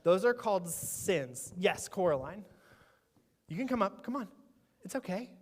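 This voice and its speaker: A man's voice: sits high, animated, a little slow. A man leading a playful children's sermon in church, teasing and quizzing the kids. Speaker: children's pastor. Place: church sanctuary. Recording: echoey church sanctuary.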